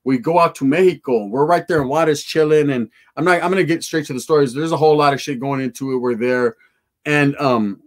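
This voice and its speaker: A man's voice: on the high side, a little fast. A man telling a profane, slangy street story to his live chat.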